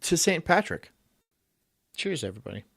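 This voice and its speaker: A man's voice: on the high side, very animated, moderate pace, gravelly, a bit bright, slightly rough, no room sound, soft background music. A man hosting a live stream, rambling crudely, swearing and reading chat aloud while drinking shots.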